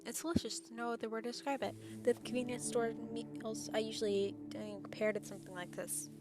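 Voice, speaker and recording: A chatty young woman streams herself reading a visual novel aloud, filling gaps with casual asides and loose filler words. She sounds a little out of breath and trips over words at times. Clear game music plays behind her. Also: a little high, fairly even intonation, fast talker. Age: young adult. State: somewhat out of breath.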